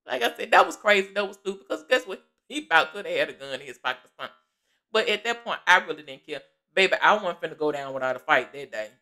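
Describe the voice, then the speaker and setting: A woman telling her story straight to camera in a loose, animated way. She laughs often, calls her listeners baby, and slips into the voices of everyone involved. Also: mid-range voice. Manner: Southern Black American vernacular, calls listeners baby. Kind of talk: casual storytime vlog.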